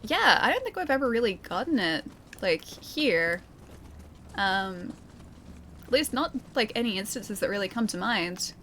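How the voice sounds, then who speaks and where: A woman's voice: medium pitch, sing-song, a little slow, pushed and bright, a little hiss or hum. A young woman with a light Australian accent, chatting and laughing through a game stream and reading out chat. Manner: giggly, chatty, self-mocking. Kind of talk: casual gameplay commentary reading chat.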